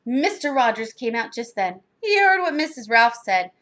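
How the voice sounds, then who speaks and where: A woman reads a children's storybook aloud with expressive delivery. Her voice sits high and moves in a lively, animated way. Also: moderate pace, lo-fi sound. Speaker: reader.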